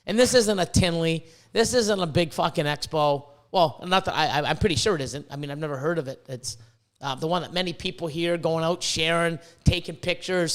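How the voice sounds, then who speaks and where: A Canadian man hosting a podcast, ranting excitably with lots of swearing and stumbling restarts. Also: on the high side. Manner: profane, excitable, with many restarts. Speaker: podcast host. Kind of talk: casual podcast rant.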